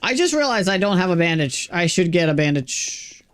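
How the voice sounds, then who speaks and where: A man live-streaming a video game, chatting casually with viewers, greeting and thanking them between quick reactions to the game. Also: high-pitched, very animated, fairly bright tone, clear, resonant tone. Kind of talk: casual live-stream chat while gaming.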